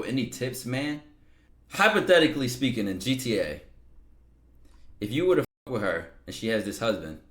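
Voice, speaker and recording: Slangy, blunt male streamer with a low voice. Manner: loose, blunt, slangy, jumps to loud disbelief. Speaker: host reading viewer messages. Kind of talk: casual commentary reading DMs. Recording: echoey room.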